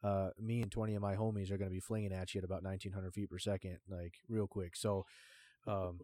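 A man's voice: sits low, little pitch movement, fast, warm tone, dry recording. A man hosting a casual podcast who talks bluntly, swears freely and leans on fillers. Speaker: podcast host.

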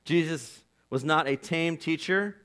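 Male pastor preaching with an earnest, conversational delivery and a fairly high, forceful voice. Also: measured pace. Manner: impassioned, swings from loud to hushed; earnest and conversational, with "like" and "you know". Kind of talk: sermon.

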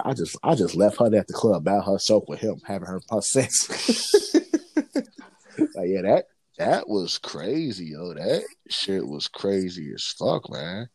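A man in casual chat, telling profane, animated stories as a co-host. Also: sits low, measured pace, husky, no echo. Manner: animated, profane, lively storyteller.

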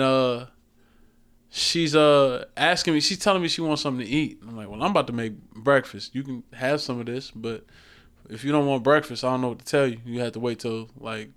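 A man in his thirties co-hosts a podcast, telling a story in casual chat with a brisk, mid-range voice. He's animated, acting out the voices and laughing often.

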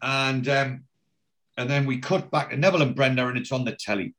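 A man's voice: mid-range voice, brisk, a bit bright. A man, casually recapping a TV episode as a podcast host, telling it in a rambling way with many fillers.

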